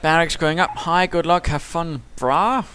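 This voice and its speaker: A man's voice: a little high, unhurried, sharp tone, slight background noise. A man giving playful, theatrical commentary over a strategy game replay, full of whimsical asides. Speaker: caster.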